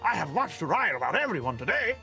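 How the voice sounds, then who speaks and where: Formal, dry-witted male crossbowman with a notebook, voiced by a man; animated, bright. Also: sits high, fast talker, creaky, faint music behind, heavily acted. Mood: wry. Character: composed, bookish male crossbowman keeping notes.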